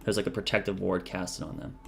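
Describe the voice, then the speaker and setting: Guy dm reading out riddle clues slow, says them twice. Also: sits low, level tone, creaky, a bit bright, faint music behind. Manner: reads clues slowly and repeats them. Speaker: dungeon master. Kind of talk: running a tabletop game, reading riddle lines.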